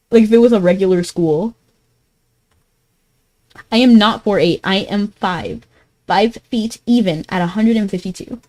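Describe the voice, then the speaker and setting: A woman's voice: medium pitch, a little mellow, rough recording. A woman streaming a game, chatting casually and giggling as she answers her chat. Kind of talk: casual live-stream chat while gaming.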